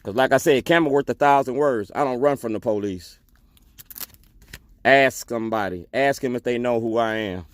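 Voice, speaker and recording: A man's voice: mid-range voice, normal speed. Defiant man declaiming. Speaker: activist. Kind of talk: public testimony speech.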